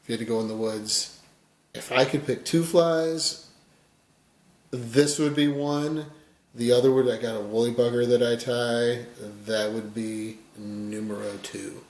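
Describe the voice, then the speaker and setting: A man giving a casual fly tying tutorial, rambling and folksy, his voice often dropping quiet as he works. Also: medium pitch, fairly even intonation, unhurried, echoey room.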